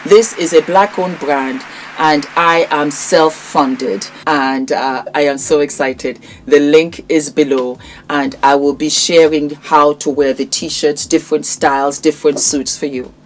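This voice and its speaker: Low-voiced woman showing off a product. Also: steady tone, measured pace, a little hiss or hum. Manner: warm, affectionate, calls viewers darling; emphatic, repetitive sales patter. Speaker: vlogger presenting her own brand. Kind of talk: product showcase to camera.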